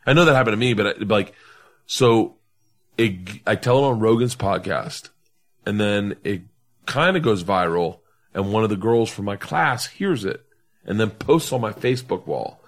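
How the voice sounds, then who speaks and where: Middle-aged male comedian, lively swooping delivery, swearing storyteller, casual podcast. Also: on the low side, moderate pace. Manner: animated, swearing, laughing storyteller acting out quotes. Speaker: comedian guest.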